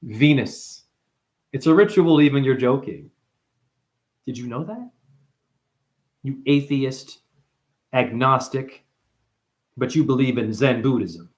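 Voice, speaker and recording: A man's voice: medium pitch, expressive, takes it slowly, long pauses. A man ranting on a livestream to his chat, profane and impassioned, jumping from one wordplay to the next. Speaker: livestream host. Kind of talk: rambling livestream rant to chat.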